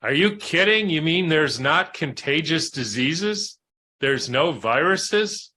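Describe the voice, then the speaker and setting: A man's voice: a little high, lively intonation, slow, bright, forceful tone, heavily acted. A man putting on a disbelieving veteran scientist. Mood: incredulous. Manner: disbelieving, questioning. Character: incredulous veteran male scientist.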